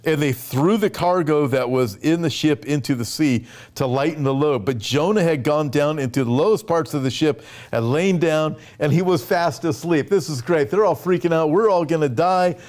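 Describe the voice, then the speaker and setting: A male pastor preaching a sermon, retelling scripture in a conversational, animated way with frequent asides. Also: a little high, normal speed, hardly any pauses.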